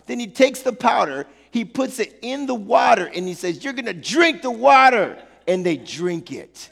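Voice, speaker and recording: A man preaching from the pulpit, his high voice roughened with a gravelly edge. He retells the story with animated energy and playful slang asides. The sound carries the long reverb of a large hall. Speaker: pastor. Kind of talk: sermon.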